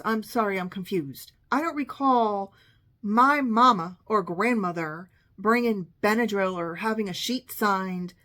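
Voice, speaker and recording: A woman's voice: mid-range voice, fairly bright tone. Sarcastic middle-aged woman telling a story. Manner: sarcastic, exasperated, quotes others in the story. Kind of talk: casual storytelling monologue.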